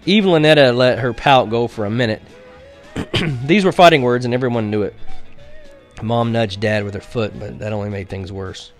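A man's voice: mid-range voice, moderate pace, faint music behind. Wry man narrating an audiobook. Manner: wry, conversational storytelling. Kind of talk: first-person audiobook narration.

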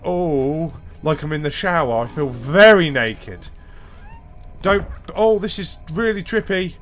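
A man's voice: on the high side, expressive, takes it slowly. A man giving panicky, profane commentary while playing a horror game, gasping and swearing as he goes. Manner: swears a lot, jumpy, panicky shouts and gasps. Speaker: gaming video host. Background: faint game music.

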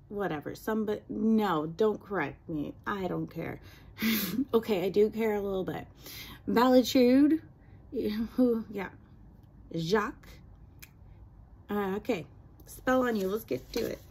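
Chatty woman with a gravelly fry. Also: a little high, mellow, slight background noise. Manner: chatty, rambling, self-deprecating asides. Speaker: vlogger. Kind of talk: casual unboxing review chat.

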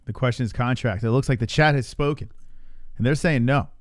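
A man's voice: medium pitch, a little fast, dry recording, clean studio sound. A man hosting a live stream, chatting casually with a laid-back, joking manner and swearing freely. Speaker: stream host. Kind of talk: casual live reaction chat.

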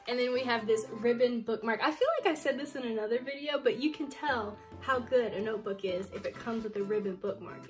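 A woman vlogger unboxing items in a casual, excitable way, gushing with repeated exclamations. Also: a little high.

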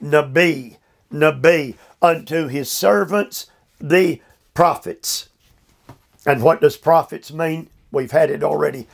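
Older male preacher with a gravelly voice, pitched a bit high, leading a slow, emphatic Bible study from home. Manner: slow, emphatic, drawn-out phrasing with repeated fillers. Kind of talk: verse-by-verse Bible study sermon. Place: his home.

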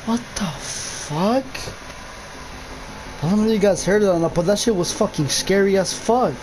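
A man's voice: high voice, moderate pace, noisy background. A young man commentating his own gameplay of a horror map, jumpy, swearing a lot and yelping at scares. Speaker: gamer.

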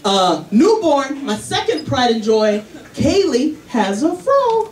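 Doing a conversational comedy routine about being a parent, a man takes it slowly in a very high-pitched voice, lively and impersonating characters along the way. Crowd noise fills the roomy club, heard through a distant microphone.

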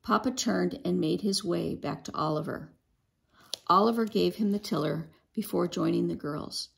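A woman reading a children's novel aloud in an expressive storytelling manner, with an occasional stumble over a word. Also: on the low side, normal speed, vocal fry. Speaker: storybook reader.

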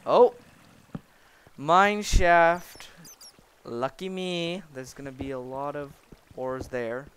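Excitable young man narrating his gameplay. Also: a little high, slow, slight background noise. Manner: excitable, talks to mobs jokingly, rambling. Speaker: gaming video creator. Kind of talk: Minecraft let's play commentary.

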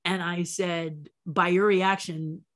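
A woman puppeteer being interviewed, telling a story in a lively way and acting out the voices of people she quotes. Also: fairly low pitch, moderate pace. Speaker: puppeteer guest. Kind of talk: anecdotal storytelling.

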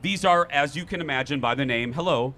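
A man hosting a talk show outdoors at a fair, telling stories in a lively, joking way. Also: fairly high pitch, a little fast. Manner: lively, jokey storytelling. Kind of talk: casual chat.

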